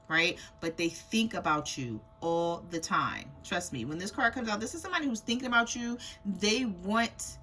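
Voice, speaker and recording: A woman's voice: mid-range voice, lively intonation, normal speed, few pauses, pushed and bright, faint music behind. A woman giving a casual tarot reading to her viewers, chatty, laughing often and acting out what people might say. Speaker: tarot reader.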